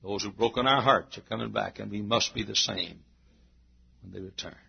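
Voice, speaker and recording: A man preaching a sermon to his church, repeating phrases and rising into shouted climaxes. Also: lowish voice, normal speed, gravelly, slightly rough. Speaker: pastor. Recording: dull lo-fi sermon recording.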